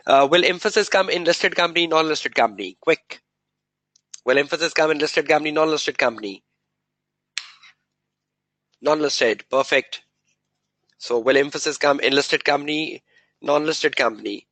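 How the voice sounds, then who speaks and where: A man's voice: on the high side, normal speed, pauses often, fairly bright tone, dry recording, rough recording. A man giving a live exam revision lecture, quizzing students with rhetorical questions and repeating key words for emphasis.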